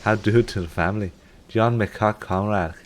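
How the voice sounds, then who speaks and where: A man voicing a cheery male Scottish soldier in a put-on Scottish accent, reading a letter home in a loud, hammy way. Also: fairly low pitch, normal speed, slight background noise, lightly acted. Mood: hearty.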